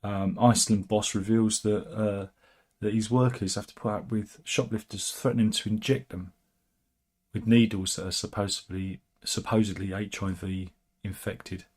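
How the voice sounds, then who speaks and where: A man's voice: fairly low pitch, fairly even intonation, normal speed, darkish tone. A man hosting a casual, satirical news commentary, wry and chatty with frequent asides. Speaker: host.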